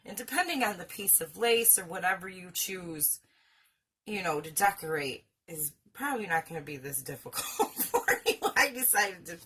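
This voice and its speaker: Her voice sits on the low side, with a fairly bright tone and a breathy edge. She's a craft channel host doing a casual craft-along, making fun of herself and laughing frequently while she works.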